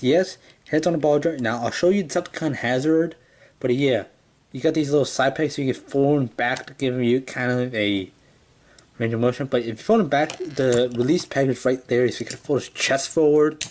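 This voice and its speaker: A man's voice: medium pitch, darkish tone, a little hiss or hum. Rambling casual toy reviewer, man. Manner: rambling, full of "yeah" and "kinda".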